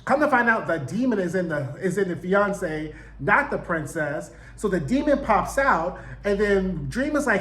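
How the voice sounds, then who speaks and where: A man giving a casual, slangy recap and review of a TV show, animated and full of profanity. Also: high-pitched, moderate pace, hardly any pauses, roomy sound.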